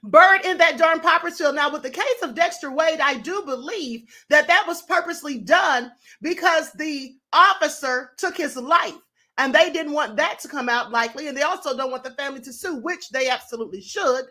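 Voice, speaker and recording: A woman's voice: high voice, moderate pace, pushed and bright. A woman hosting a live stream, giving emphatic, opinionated commentary on news stories straight to her viewers.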